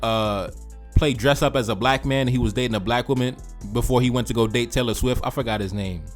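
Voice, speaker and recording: A man's voice: mid-range voice, brisk, faint music behind. A man hosting a reaction video, giving emphatic, repetitive commentary with slangy asides. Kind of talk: commentary reacting to social media posts.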